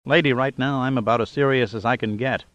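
A man's voice: mid-range voice, quick pace, fairly bright tone, no room sound, muffled recording, close to an everyday voice. A man doing a wisecracking hero pilot. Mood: wry. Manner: dry wisecracking. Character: wry male adventurer hero piloting a plane.

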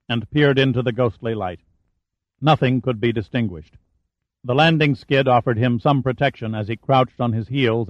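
A man giving steady, measured scripted narration of a thriller audiobook. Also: mid-range voice, no echo. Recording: dull, dry audiobook recording.

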